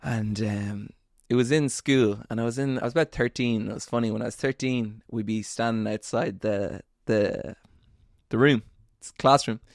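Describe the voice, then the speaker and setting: A podcast host tells a story to his audience in a casual monologue, relaxed and earnest with a motivational tone and self-deprecating asides. His mid-range voice has a gravelly edge and he speaks at a normal speed, recorded close and dry with no room echo.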